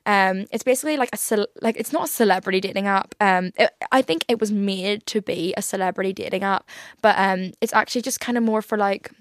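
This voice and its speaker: A woman's voice: mid-range voice, brisk, dry recording, clean studio sound. A young woman hosting a casual solo podcast, rambling candidly with plenty of "like" fillers and swearing. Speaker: podcast host.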